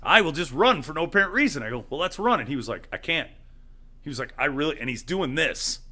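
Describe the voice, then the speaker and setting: A man's voice: fairly high pitch, big pitch swings, fast, bright, forceful tone. A man in his thirties, a co-host telling a story in casual chat, laughing and acting out the voices of the people in it. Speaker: podcast co-host.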